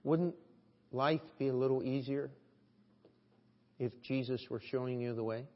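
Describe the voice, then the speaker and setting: A male pastor delivers a sermon in an earnest, rhetorical way, pressing his listeners with question after question. His voice sits at a middle pitch and swings between hushed and loud stretches. The recording is dull and carries a long hall reverb. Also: a little slow.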